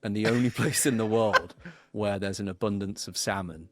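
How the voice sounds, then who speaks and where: A man from the United Kingdom tells his ideas as a story, using playful comparisons. His voice is low for a man. It was recorded up close in a dead room, with faint music beneath. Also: normal speed, no echo. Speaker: podcast guest. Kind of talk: conversational podcast interview.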